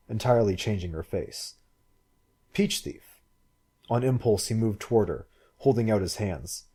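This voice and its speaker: A low-voiced man narrates a story at a measured, even pace. His tone is dark and mellow with a husky edge. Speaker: audiobook reader. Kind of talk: scripted narration.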